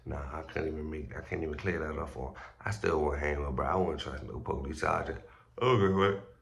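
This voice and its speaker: Male blogger host, very low gravelly voice, casual and profane, a bit groggy from just waking up. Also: fairly even intonation, quick pace, a bit bright. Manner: loose, slangy and profane, with stumbles and restarts. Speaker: street news blogger host. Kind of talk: casual vlog commentary.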